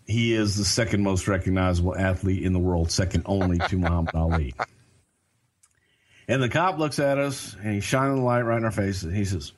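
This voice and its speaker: Animated storytelling man, lowish voice. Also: brisk, a little hiss or hum. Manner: animated, acts out other people's lines; self-mocking humor. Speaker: storyteller guest. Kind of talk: casual chat storytelling.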